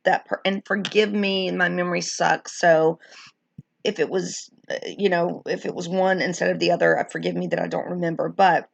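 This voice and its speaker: Chatty woman with a gravelly voice. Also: fairly low pitch, steady tone, normal speed, no room sound, dull audio. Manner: chatty, rambling, frequent likes and ums. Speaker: streamer sharing wrestling memories. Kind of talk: casual live-stream chat.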